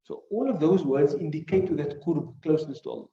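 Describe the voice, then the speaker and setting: A man's voice: a little high, a little fast. A man teaching a class on hadith, explaining Arabic words one by one and asking the class rhetorical questions. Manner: recites classical Arabic phrases between English. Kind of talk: classroom lesson. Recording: muffled recording in echoey room.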